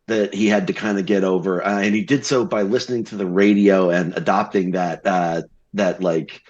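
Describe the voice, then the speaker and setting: A man's voice: deep voice, steady tone, normal speed, a little mellow. A man describing his tabletop character, rambling with restarts and fillers. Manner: rambling, laughing easily. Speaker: tabletop game player. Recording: dull lo-fi mic.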